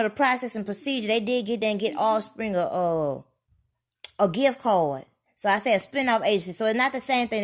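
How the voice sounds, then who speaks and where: A woman ranting in a rambling, profane monologue, sliding from low grumbling into loud heated outbursts. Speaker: vlogger.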